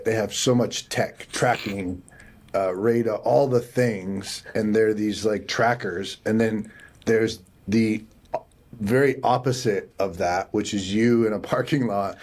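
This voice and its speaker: A man's voice: on the low side, fairly even intonation, slow pace, a little mellow. A man hosting a podcast, reflecting on a guest's story and searching for words as he goes. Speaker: podcast host. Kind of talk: casual interview chat.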